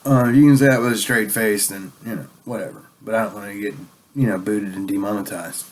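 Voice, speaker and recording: A man's voice: on the low side, steady tone, fairly quick. A man delivering a rambling, profane political rant as a vlogger, sounding a bit tipsy and sarcastic.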